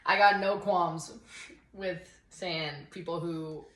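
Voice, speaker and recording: A woman's voice: on the low side, steady tone, slow, fairly bright tone. Worked-up ranting young woman, echoey room. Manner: worked-up, sarcastic ranting with lots of "like". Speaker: podcast co-host. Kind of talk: casual ranting chat. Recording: roomy echo.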